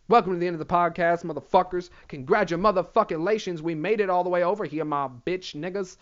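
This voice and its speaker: A man's voice: high-pitched, dull audio. A young man hosting a podcast alone, rambling through a crude comedy monologue, swearing freely and laughing at himself. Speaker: podcast host.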